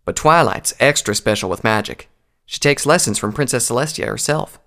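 A man's voice: mid-range voice, animated, normal speed, pushed and bright. A man voicing a blunt, loyal female pony soldier who speaks in a folksy, plain way, in an audiobook reading. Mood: confident. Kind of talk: audiobook character voice.

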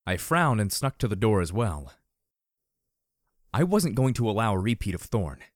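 A man reading first-person fiction aloud as an audiobook narrator, in an even, measured way. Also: on the low side, no room sound, studio quality.

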